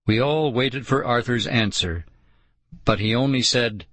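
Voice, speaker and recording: A man giving steady, measured first-person narration of an audiobook. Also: medium pitch, no echo.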